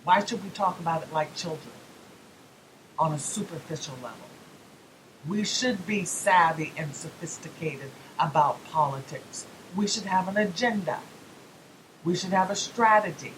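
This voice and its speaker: A woman's voice: fairly low pitch, noisy background. Emphatic woman hosting talk radio. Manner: emphatic, rhetorical questions, folksy asides. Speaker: radio talk show host. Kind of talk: solo political talk show monologue.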